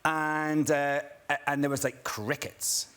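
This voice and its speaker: A man's voice: a little high, slow pace, smooth. Laughing Scottish man telling stories. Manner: animated storyteller, laughs often. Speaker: talk show guest. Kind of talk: casual chat, telling anecdotes.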